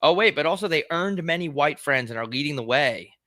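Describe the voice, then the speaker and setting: A man's voice: fairly high pitch, animated, a little fast, bright, forceful tone, no echo, clean studio sound. A young man hosting a casual solo show, riffing aloud in a crude, rambling way with lots of swearing and laughter. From United States. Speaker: podcast host.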